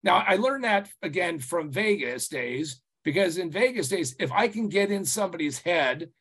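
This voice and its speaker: A man telling stories as a consultant guest on a podcast interview, rambling and animated, full of "you know" and restarts, swearing casually. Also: sits high, moderate pace, husky.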